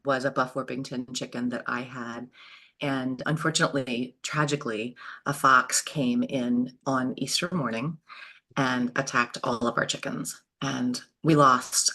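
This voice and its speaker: A woman, telling homestead stories in a lively, animated way as an interview guest. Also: extremely low pitch. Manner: lively, animated storyteller with frequent laughs. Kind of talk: storytelling in an interview.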